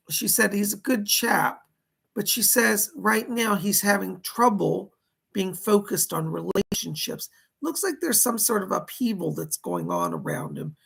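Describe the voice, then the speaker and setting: A male psychic medium on a live stream, reading out viewer donations and questions and relaying spirit messages with lots of "he said". He sounds hoarse and coughs now and then. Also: high-pitched, a bit bright.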